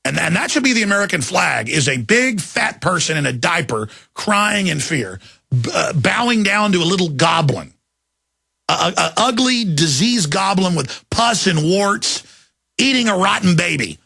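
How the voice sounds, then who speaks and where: Gravelly man ranting on talk radio. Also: high voice, very animated, normal speed, pushed and bright, dry recording, clean studio sound. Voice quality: gravelly, raspy. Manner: mocking, mimics voices, laughs mid-rant. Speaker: radio talk show host. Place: radio studio.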